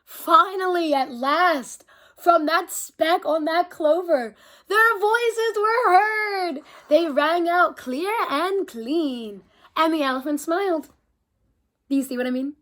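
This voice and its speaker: A woman reading a children's picture book aloud, animated and expressive as she stops to chat with her young listeners. Her voice is high and her delivery is slow and deliberate. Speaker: storyteller.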